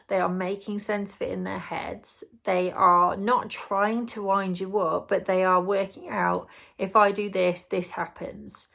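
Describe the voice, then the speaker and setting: Woman with a gravelly voice. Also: medium pitch. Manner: earnest, explanatory, acts out the parent's and child's words. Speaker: parenting vlogger. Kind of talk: advice monologue to camera.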